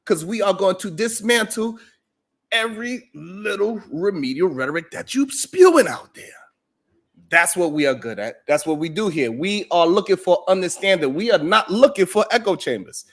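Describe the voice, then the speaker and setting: Male livestream host with a high-pitched voice, joking and boastful, laughing often, casual monologue to his chat. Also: expressive, moderate pace, fairly bright tone.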